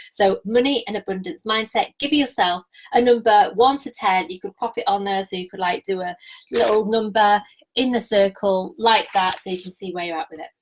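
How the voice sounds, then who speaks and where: A woman, giving a live-streamed coaching talk in an energetic, chatty way and laughing often. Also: medium pitch, moderate pace, low-quality recording. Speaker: business coach.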